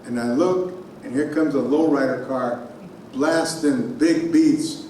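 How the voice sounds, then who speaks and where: A man giving a keynote speech in a conference hall, telling a personal story in an animated way and sounding out noises himself. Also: fairly high pitch, normal speed, soft background music. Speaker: keynote speaker. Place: conference hall on a college campus. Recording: very echoey hall from far off.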